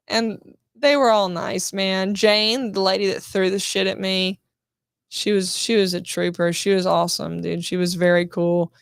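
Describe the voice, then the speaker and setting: A woman's voice: mid-range voice, gravelly, dry recording, studio quality. A woman guest on a casual interview show, telling a story and acting out quotes, swearing freely. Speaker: guest actress.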